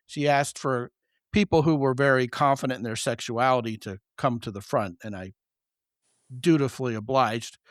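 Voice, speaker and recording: A man hosting a podcast, telling stories in a joking, animated way. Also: medium pitch, normal speed, no room sound, studio quality. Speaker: podcast host. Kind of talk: casual podcast conversation.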